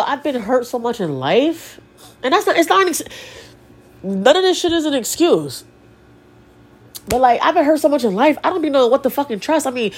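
A young woman with a husky, medium-pitched voice and a stuffy nose hosts a podcast alone. In a candid solo monologue, she talks bluntly and profanely about her feelings, emotional and confessional.

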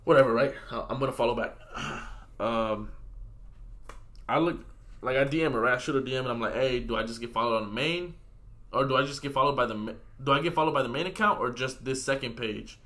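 A man's voice: medium pitch, fairly quick, a bit bright. A young man chatting casually on a podcast, telling stories in a loose, slangy way and laughing as he talks. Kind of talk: casual chat.

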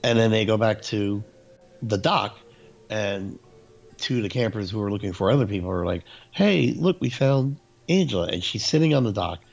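A low-voiced man with a raspy, gravelly edge tells a story in casual chat. He acts out the lines people said as he goes. The recording is dull and lo-fi. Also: fairly quick, soft background music. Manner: animated storyteller, acts out quotes.

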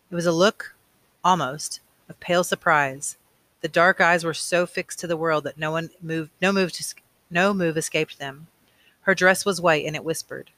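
A man reading a novel aloud, unhurried, with casual asides and small slips. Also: a little high, sharp tone, no room sound. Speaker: reader.

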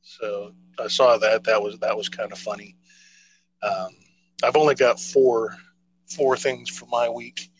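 A man's voice: on the low side, level tone, unhurried, husky, rough recording. A man co-hosting a casual podcast chat, rambling and hesitant with many fillers and restarts. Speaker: podcast co-host.

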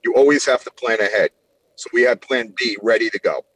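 A man, a guest in an interview, talking about his business in a confident, brisk way. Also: medium pitch, a bit bright, poor audio. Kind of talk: casual interview chat.

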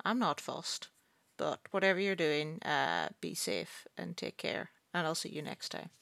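Sweary Black Country woman, creaky voice. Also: deep voice, unhurried. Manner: sweary, laughing, animated. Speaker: podcast host. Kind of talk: casual chat.

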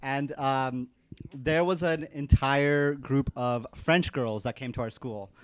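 A man's voice: medium pitch, takes it slowly, clear, resonant tone. Laid-back man telling a story. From North America. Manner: animated, laughing storyteller. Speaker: podcast host. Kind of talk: casual storytelling.

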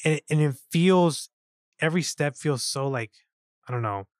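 A man co-hosting a casual film review podcast, excited and profane, acting out lines from scenes. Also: fairly high pitch, normal speed, dry recording, studio quality. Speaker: podcast co-host.

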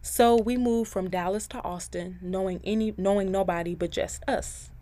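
A woman's voice: mid-range voice, steady tone, normal speed, warm tone. Chatty young woman hosting a podcast. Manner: chatty and candid, addresses listeners directly, laughs between thoughts; faith-filled, encouraging. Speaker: podcast host. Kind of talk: casual podcast monologue.

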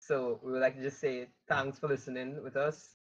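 A man hosting a casual podcast interview, friendly and quick to laugh. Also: mid-range voice, level tone, dull audio. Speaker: podcast host.

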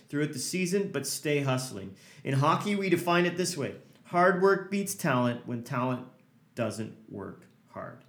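Earnest man coaching in a roomy space. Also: mid-range voice. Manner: earnest, emphatic, repeats phrases in lists. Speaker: podcast host and hockey coach. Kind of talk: motivational podcast talk.

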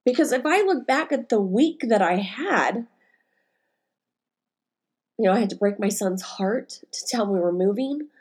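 A woman's voice: mid-range voice, lively intonation, unhurried, long pauses, darkish tone, slightly rough. A woman in her forties talks alone into her podcast mic, telling stories from her week. She rambles candidly, with many fillers and restarts. Her voice is emotional, close to tears. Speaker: podcast host and life coach. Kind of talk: casual solo podcast monologue.

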